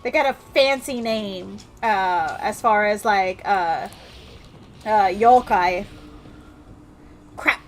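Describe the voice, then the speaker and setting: A woman's voice: mid-range voice, slow, pauses often, a little hiss or hum. A woman streamer giving casual, rambling gameplay commentary full of fillers. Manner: chatty, rambling, with many fillers.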